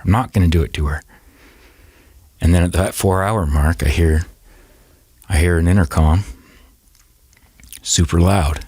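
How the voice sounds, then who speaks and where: Very deep-voiced halting man. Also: darkish tone, husky, dry recording. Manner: halting, repeats and restarts words. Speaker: podcast guest. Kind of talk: emotional personal storytelling.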